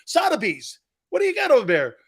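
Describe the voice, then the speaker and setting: A man playing a fast-talking male auctioneer who calls out bids in loud, repeated bursts. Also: very high voice, huge pitch swings, pitched above the performer's own voice, exaggerated voice. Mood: excited. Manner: rapid repetitive bid-calling, loud.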